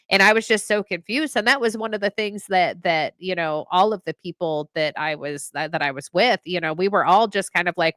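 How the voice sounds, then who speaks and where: A woman in her thirties, a podcast co-host and veteran, talking in a heartfelt, halting way and reading a poem. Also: fairly low pitch, a bit bright, no room sound. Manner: emotional, halting with restarts.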